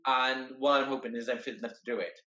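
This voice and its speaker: Heard through a roomy, somewhat dull lo-fi video call, the man, a guest and wheelchair marathon entrant, keeps a steady, sharp tone in casual conversation. His mid-pitched delivery is earnest and halting, and he repeatedly backtracks over his words.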